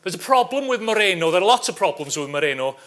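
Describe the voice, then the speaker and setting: High-voiced man giving a wry academic talk. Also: big pitch swings, fast, fairly bright tone. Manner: wry asides, frequent checking "okay?". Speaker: academic conference speaker. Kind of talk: conference talk presenting survey data.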